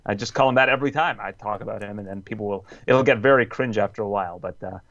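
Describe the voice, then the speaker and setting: A man appearing as a podcast guest, chatting in an easygoing, measured way. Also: lowish voice, a bit bright, dry recording, dull audio. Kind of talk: casual podcast chat.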